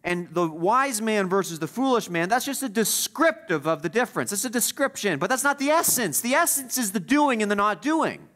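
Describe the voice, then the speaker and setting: Emphatic preacher, man with a high voice. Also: sing-song, fairly quick, hardly any pauses. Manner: emphatic, repeats key phrases for stress; swings between loud stresses and quiet asides. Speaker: pastor. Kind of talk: sermon.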